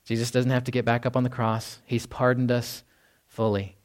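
A man's voice: medium pitch, completely flat delivery, normal speed. A male pastor giving a conversational sermon, often repeating words and acting out everyday voices. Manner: conversational, with many restarts and acted-out quotes.

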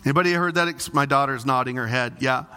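A middle-aged man preaching a sermon as pastor, animated and dramatic, with big swings in his delivery. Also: mid-range voice, quick pace, clear, resonant tone.

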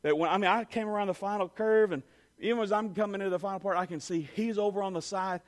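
A man telling an animated personal story to an audience, full of "you know" and "I mean". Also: high-pitched, quick pace.

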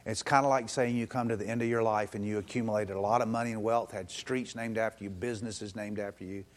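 Man preaching a sermon. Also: on the low side. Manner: lively preaching with quick asides and frequent "um" fillers. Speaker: pastor. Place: church service.

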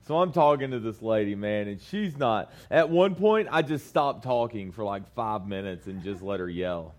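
A man's voice: lowish voice, expressive, unhurried. A young man giving a casual youth sermon to a small group, telling a story in a chatty way with lots of fillers.

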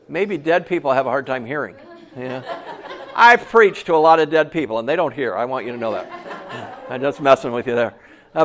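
A man preaching a sermon as pastor in a church, animated and joking with his congregation between scripture readings. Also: on the high side. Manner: lively preaching with jokes aside to the congregation.

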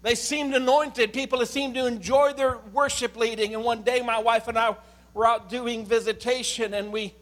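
A man preaching a sermon in a very high, bright voice. He is a middle-aged pastor who swings between fervent, shouted points and hushed, chatty stories, with a faint hum behind him. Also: fairly even intonation, normal speed. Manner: impassioned preaching, rising to shouts, dropping to quiet storytelling.

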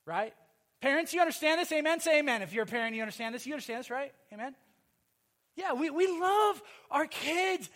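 A male pastor preaching in a strikingly high voice. He presses his points by repeating phrases and calling for amens. His delivery swings from loud insistence to quiet, hushed lines. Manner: emphatic, repeats phrases, calls for amen. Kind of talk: sermon.

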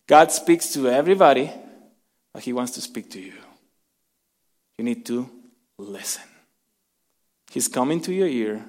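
A man preaching a sermon as pastor, swinging from strong emphasis down to soft, near-whispered lines and asking the congregation to repeat words after him. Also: medium pitch, lively intonation, unhurried, long pauses, long reverb tail.

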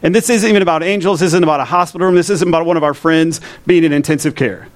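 A man's voice: on the high side, rapid-fire. A man preaching a sermon to his congregation in a church, in a conversational way, often asking the listeners questions. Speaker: pastor.

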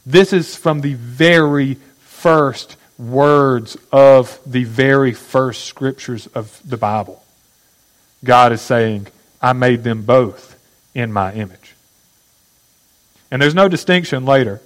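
A man gives a teaching sermon with a mid-pitched voice. He explains points slowly and often puts questions to his listeners. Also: rough recording. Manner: teaching, asks the audience questions. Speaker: pastor.

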